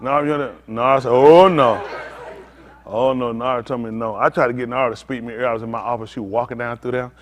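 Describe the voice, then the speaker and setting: A man's voice: medium pitch, level tone, rapid-fire, few pauses, a bit bright. A man preaching as a pastor, coaxing and teasing volunteers from the congregation in a playful way.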